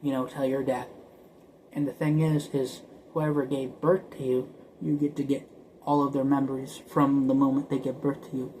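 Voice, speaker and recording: Man, casual vlogger, rambling and stuttering, mid pitch, slight background hiss. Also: little pitch movement, moderate pace, dark tone, rough recording. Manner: rambling, repeats words, stutters; drops to whispers at times.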